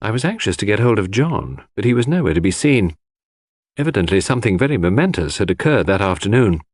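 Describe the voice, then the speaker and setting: Low-voiced man narrating a mystery. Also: very animated, quick pace, no echo, studio quality. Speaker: audiobook narrator. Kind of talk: scripted narration of a classic mystery.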